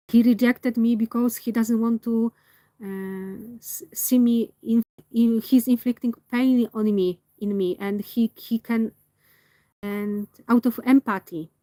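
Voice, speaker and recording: Slow, hesitant woman talking candidly. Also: a little high, steady tone, mellow, no room sound. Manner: slow, hesitant, searching for words; earnest and candid. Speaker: vlogger. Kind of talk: personal reflective monologue.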